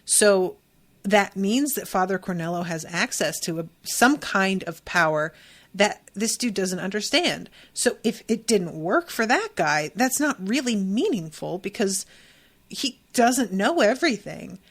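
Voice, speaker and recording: A woman hosting a podcast, recapping an episode in a chatty, animated way and swearing playfully. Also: medium pitch, a little slow. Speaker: podcast host.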